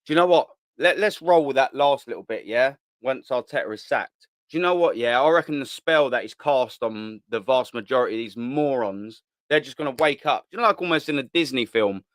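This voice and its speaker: A man's voice: mid-range voice, expressive, brisk, a bit bright, no room sound, studio quality. A young man, hosting a live fan stream and ranting with heat and a lot of swearing. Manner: heated, ranting, repetitive, swears. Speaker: host of a live fan channel. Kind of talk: live-stream rant reading the chat.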